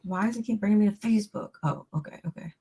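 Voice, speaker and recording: A woman co-hosting a casual reality TV recap, relaxed and chatty. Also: medium pitch, fast talker, slightly rough. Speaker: co-host.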